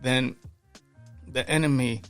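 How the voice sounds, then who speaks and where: This man has a medium-pitched, fairly bright voice with a steady tone, and he takes his time while soft music plays behind. As a podcast guest, he shares faith stories earnestly and fervently, restarting often and repeating words.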